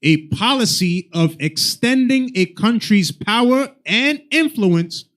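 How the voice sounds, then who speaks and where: A man in a class reading dictionary definitions aloud, halting and going word by word. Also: high voice, lively intonation, a bit bright. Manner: halting, reads words out one by one. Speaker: reader in a class.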